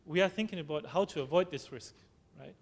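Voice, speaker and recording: Guy giving a conference talk, a bit high voice, lots of restarts and "right?", hall echo. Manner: halting, many restarts and fillers, tag questions. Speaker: conference speaker. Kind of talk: conference presentation. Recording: long hall reverb, faint noise.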